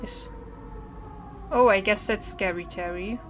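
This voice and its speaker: A young woman streaming horror games, chatting nervously and singing to herself to stay calm. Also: medium pitch, measured pace. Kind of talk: live-stream gameplay commentary. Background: faint game music.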